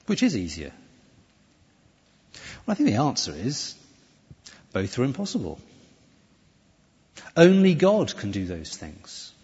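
A man preaching a sermon in a church, conversational and animated, often restarting his phrases. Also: medium pitch, a little slow, long pauses, slightly rough. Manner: lively, conversational preaching with self-corrections. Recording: dull, echoey church hall recording.

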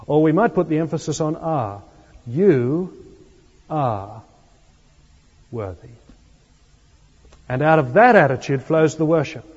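Pastor preaching in a reverberant church. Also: male voice, on the high side. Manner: earnest preaching with emphatic pauses. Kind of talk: sermon. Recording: long church reverb, dull lo-fi sound.

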